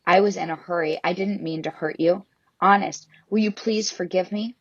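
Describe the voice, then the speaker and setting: A woman's voice: lowish voice, fairly even intonation, normal speed, no echo, muffled recording. A woman voicing an anxious young boy who pleads and apologizes. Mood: upset.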